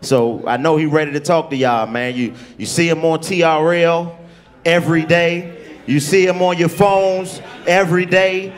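Dude hyping the crowd, kinda high voice, crowd noise all around. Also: male voice, little pitch movement, normal speed. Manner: hype-man, calling out to the crowd. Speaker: host introducing comedians. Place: comedy club stage before a live crowd.

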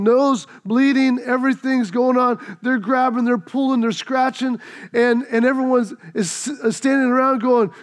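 High-voiced, animated male preacher. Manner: animated storyteller, acts out the voices in his story. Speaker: pastor. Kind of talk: sermon with a personal story.

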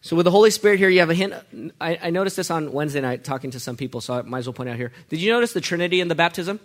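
A man preaching with real energy, his voice a bit higher than most men's. He keeps tossing questions out to the congregation and answering them himself in a lively sermon style. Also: very fast. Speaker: pastor.

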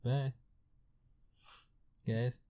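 A podcast co-host who speaks slowly and sparingly during a movie commentary. Most of what they say is a terse, deadpan quip. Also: mid-range voice. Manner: terse, unhurried deadpan quips. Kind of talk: casual movie commentary banter.

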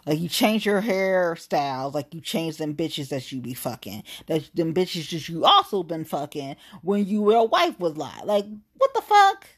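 Woman, husky, lowish voice, profane rant, blunt, heated. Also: very animated, moderate pace, hardly any pauses. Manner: blunt, heated, swears constantly.

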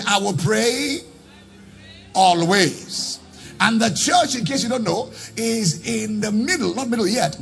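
A pastor with a high-pitched, gravelly voice preaches a sermon, breaking into sung, chanting lines and shouting calls out to the congregation.

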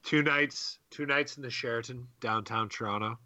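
Young guy on a podcast, laid-back and jokey, bright lively voice, dry close sound. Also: medium pitch, normal speed, dry recording, highs cut off. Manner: joking, laid-back, swears. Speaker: podcast co-host. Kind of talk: casual chat.

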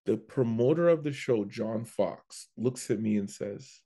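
A man, a comedian, telling a story in a casual chat, animated and prone to restarting his sentences. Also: fairly low pitch, unhurried, hardly any pauses. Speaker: comedian guest.

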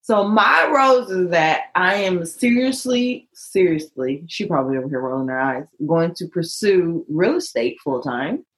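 Animated woman telling stories. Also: lowish voice, measured pace, hardly any pauses, roomy sound, rough recording. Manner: animated, joking storyteller. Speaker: podcast co-host. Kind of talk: casual chat.

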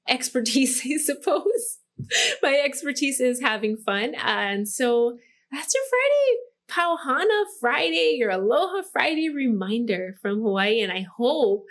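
A woman's voice: fairly high pitch, a bit bright. A woman podcast host in Hawaii giving a casual motivational talk, bubbly, laughing often and saying "like" a lot. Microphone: microphone.

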